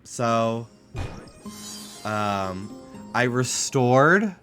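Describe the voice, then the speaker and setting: A man's voice: medium pitch, animated, very slow, a bit bright, soft background music. A man casually commenting while streaming a game and reading its text aloud, a bit stuffed up, chatty and swearing now and then. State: stuffed up nose.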